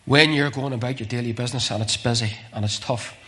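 A man preaching a sermon with passion, repeating phrases and swinging from urgent calls to hushed, near-whispered lines. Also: medium pitch, fairly even intonation, fast.

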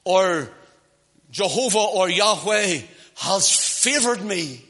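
A man with a high, bright, ringing voice preaches a sermon. He presses hard on key phrases, then drops to hushed asides and slows right down. At times he drifts a little away from the mic. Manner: impassioned, swings from loud emphasis to hushed asides.

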